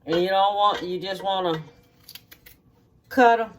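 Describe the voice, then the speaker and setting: A home cook walks through a recipe at an unhurried, deliberate pace, repeating each instruction and asking "okay?" as they go. The voice sits at a middle pitch. Faint noise lingers under the home kitchen recording. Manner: slow, repetitive instructions, checking in with "okay?". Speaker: home cook hosting a cooking video. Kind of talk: cooking demonstration.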